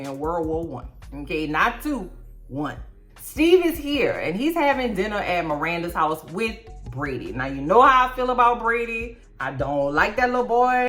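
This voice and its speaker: A woman with a fairly low voice talks through a TV recap. She is animated and slangy, with plenty of sassy asides to her viewers. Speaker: TV recap vlogger. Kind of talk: casual chat.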